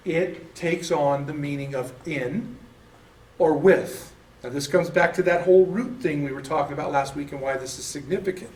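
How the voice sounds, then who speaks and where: Male teacher, chatty and self-correcting, slightly high voice, recorded off-mic in an echoey classroom. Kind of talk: casual classroom lecture. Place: church classroom. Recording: echoey room, mic at a distance.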